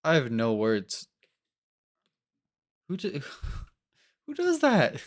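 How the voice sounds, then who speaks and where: A man chatting casually in a reaction video, rambling and animated, often acting out other people's voices. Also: fairly high pitch, drawn-out words. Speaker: co-host.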